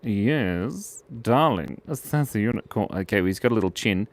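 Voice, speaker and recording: A man's voice: on the low side, fast talker, dry recording. A man hosting a live drawing stream for kids, talking in a playful, silly, chatty way as he draws. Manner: playful, silly and chatty, with giggles and little voices. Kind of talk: casual live drawing commentary.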